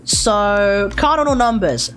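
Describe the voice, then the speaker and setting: A woman's voice: medium pitch, animated, takes it slowly, faint music behind. An Australian woman live streaming, thinking aloud as she sounds out and repeats unfamiliar foreign words. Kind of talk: casual live-stream chat.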